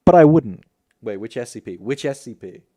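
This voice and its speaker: A young man hosting a gaming news livestream, talking quickly and casually, swearing and laughing often. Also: mid-range voice, animated, warm tone. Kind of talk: casual live-stream chat.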